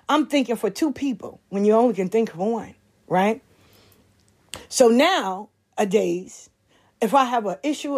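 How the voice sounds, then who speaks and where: A woman's voice: on the high side, darkish tone. A woman telling personal stories and giving life advice in a candid, profane way, full of slang. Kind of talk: casual storytelling talk.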